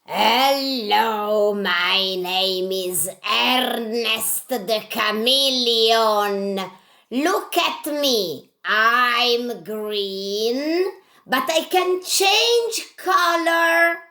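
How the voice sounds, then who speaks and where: A woman's voice: a little high, animated, drawn-out words, bright, forceful tone, full character voice. A woman voicing a cheerful male chameleon puppet in simple phrases for children. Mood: chirpy.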